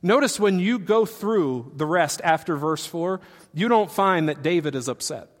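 A man preaching a sermon as pastor, shifting from quiet explanation to loud, animated retellings. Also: a little high, moderate pace, big-room sound. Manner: swings from quiet teaching to loud, animated acted-out quotes.

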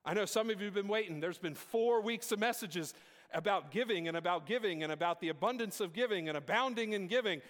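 Pastor preaching, really high voice, calls out to the church and builds up to shouts, big echoey sanctuary. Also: male voice, quick pace. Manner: preaching with call-and-response, rising to shouts. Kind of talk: sermon. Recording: long hall reverb in a church.

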